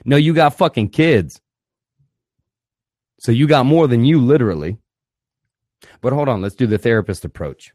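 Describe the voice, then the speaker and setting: A man hosting a podcast, giving blunt, fervent counsel full of swearing and swinging between loud and quiet. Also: fairly low pitch, expressive, moderate pace, long pauses, no room sound, clean studio sound. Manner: blunt, swears constantly, mocks therapist clichés. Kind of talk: blunt profanity-laden monologue.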